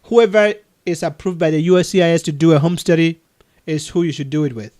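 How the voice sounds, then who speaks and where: A man's voice: fairly high pitch, fast, darkish tone. A man with a mixed Cameroonian and Texan accent, chatting over a video call, laughing often and restarting his sentences. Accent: mix of Cameroonian and Texan English. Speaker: adoption agency mentor answering questions. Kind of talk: casual video call conversation.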